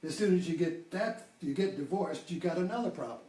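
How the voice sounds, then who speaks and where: A man's voice: on the high side, animated, fairly quick, mellow, recorded from a distance. An older man giving an informal spiritual talk, rambling and restarting his sentences often. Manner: rambling, with many restarts and fillers. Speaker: spiritual teacher. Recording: roomy, from off-mic.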